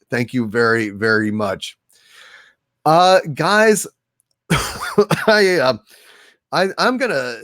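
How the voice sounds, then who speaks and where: A man hosting a casual livestream, thanking viewers by name in a soft, halting way. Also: on the high side, dry recording, clean studio sound. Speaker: livestream host. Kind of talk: casual livestream chat, reading viewer donations.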